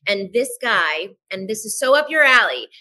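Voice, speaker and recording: A woman talks as a podcast guest, telling her own story candidly. Her voice is bright and forward. She is animated and frank, swears casually, and slips into quick voices for the people she quotes. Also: mid-range voice, low-quality recording.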